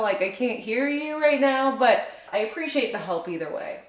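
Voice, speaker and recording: A woman's voice: a little high, lively intonation, normal speed. A woman in casual, upbeat vlog chat, thinking aloud as she decorates her living room. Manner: chatty, upbeat, thinks aloud while working. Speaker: home decor vlogger. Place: home living room by a fireplace. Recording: roomy room echo.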